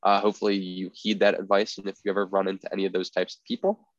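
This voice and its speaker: A young man co-hosts a podcast, talking casually and rambling with lots of filler words. His voice is deep, monotone and quick. The podcast audio is dry and slightly dull.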